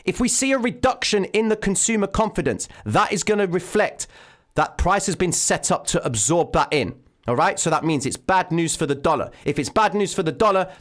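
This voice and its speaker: Excitable man calling a live chart. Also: high voice. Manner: excitable, addresses viewers as ladies and gentlemen. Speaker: trading livestream host. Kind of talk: live market commentary. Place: home room, daughter present. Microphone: desk microphone.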